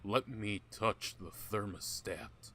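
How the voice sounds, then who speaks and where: A man's voice: fairly low pitch, slow pace, a bit bright. A man giving casual gameplay commentary, joking, swearing often and talking to game characters. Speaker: gaming YouTuber.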